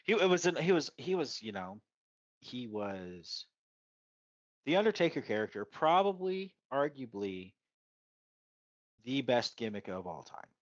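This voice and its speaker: A man's voice: medium pitch, sing-song, a little slow, pauses often, no room sound, dull audio. A man co-hosting a casual wrestling chat, rambling with lots of fillers and restarts. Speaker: podcast co-host.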